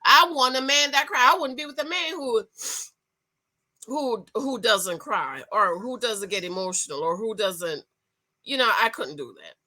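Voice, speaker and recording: A woman giving sassy, animated commentary on a reality show, with features and lots of restarts. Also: fairly high pitch, unhurried. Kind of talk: casual opinion review.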